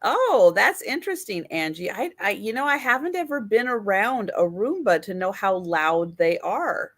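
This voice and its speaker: A woman's voice: medium pitch, very animated, moderate pace. A woman hosting a live sale stream, chatting in an easygoing, amused way. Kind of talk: casual live-stream chat.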